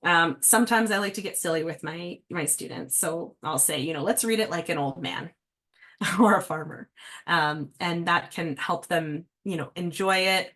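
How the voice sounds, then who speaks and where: A woman's voice: lowish voice, moderate pace, a bit bright. A woman reading specialist giving a casual, friendly workshop talk to parents, with many fillers. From Canada.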